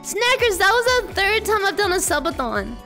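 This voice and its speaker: Very high, bright, bubbly streamer girl. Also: normal speed, faint music behind. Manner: bubbly, playful, greets chat excitedly. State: slightly sore, strained voice. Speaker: live-stream host. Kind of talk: casual live-stream chat.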